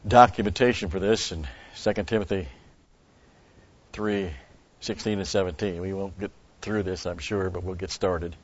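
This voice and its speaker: A man's voice: deep voice, steady tone, normal speed. A man giving a rambling Bible teaching, stressing key words and restarting his sentences. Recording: dull lo-fi recording.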